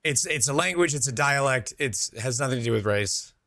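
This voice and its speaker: Bright-voiced male gaming streamer. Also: mid-range voice, animated, a little fast, no echo, clean studio sound. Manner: chatty, reads out and answers chat, laid-back. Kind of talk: casual chat with viewers while gaming.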